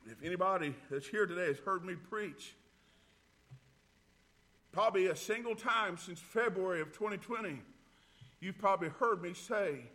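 A man preaching a sermon as a pastor, fervent, breaking into shouts of glory and hallelujah and filling pauses with "uh". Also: very high voice.

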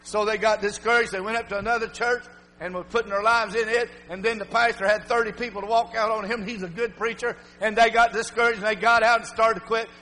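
A middle-aged man preaching a sermon in plain folksy speech, drifting from hushed storytelling to shouted exhortation. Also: high-pitched, steady tone, fast. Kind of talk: fiery sermon. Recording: long hall reverb.

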